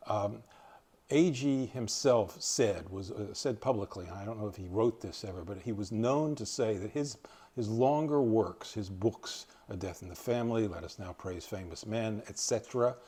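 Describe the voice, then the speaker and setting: A man's voice: fairly low pitch, gravelly, mellow, slightly rough. An older man from East Tennessee giving an informal library talk, rambling and hesitant with many fillers and restarts. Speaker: library lecturer.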